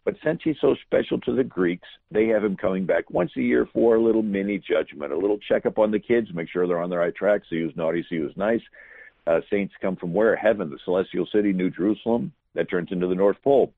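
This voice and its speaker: Man, deep and husky, talking guest on a tinny phone line, storytelling with fillers. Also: brisk, dry recording. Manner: fluent, explanatory, many fillers. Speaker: guest historian. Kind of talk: storytelling interview answer.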